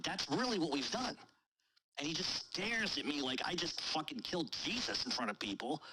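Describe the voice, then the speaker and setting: Bright-voiced man telling a story. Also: fairly high pitch, a little hiss or hum, poor audio. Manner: profane, laughing through his own story. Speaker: storyteller host. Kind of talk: casual comic storytelling.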